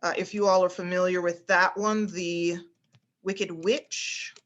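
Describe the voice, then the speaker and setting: A woman speech instructor teaching voice exercises in an online class, often demonstrating bright high exclamations. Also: fairly even intonation, unhurried, lo-fi sound. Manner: demonstrates pitches with exaggerated exclamations, frequent fillers.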